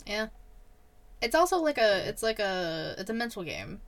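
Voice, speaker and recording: Woman, podcaster, casual chat, slangy, swears, mid-pitched voice. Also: very animated, moderate pace.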